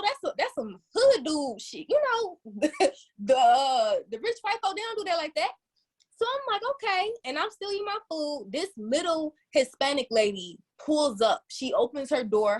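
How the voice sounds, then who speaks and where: A high-pitched woman from Detroit chats casually as a podcast co-host. She tells her story with animated energy, leaping up in pitch whenever she quotes herself. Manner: animated, swooping up high when quoting herself.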